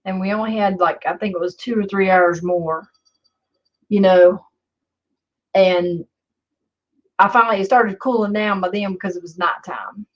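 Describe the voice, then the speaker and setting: A woman's voice: mid-range voice, steady tone, moderate pace, pauses often. A woman telling a story in a rambling, sarcastic way and swearing often, in a slightly dull lo-fi recording. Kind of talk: casual storytelling vlog.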